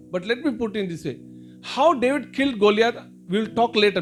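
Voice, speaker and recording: A very high-voiced man with an Indian English accent preaches a sermon. He circles back over each point, rephrasing it, and keeps calling his listeners brother and sister. Soft music plays faintly behind him. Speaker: pastor.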